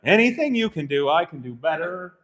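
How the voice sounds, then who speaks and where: A man hosting a live stream from his workshop, chatting with his crew in an animated, joking way and laughing often. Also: on the high side, brisk. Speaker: host of a car channel. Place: workshop garage.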